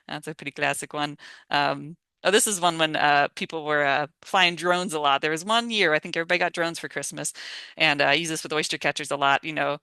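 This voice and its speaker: A chatty volunteer trainer talks casually through an online session over a video call microphone. The voice is bright and forceful, and the sound is dry and close. The trainer laughs easily and slips into little acted sample lines. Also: medium pitch, fast talker, smooth, no room sound. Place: home or office on a video call.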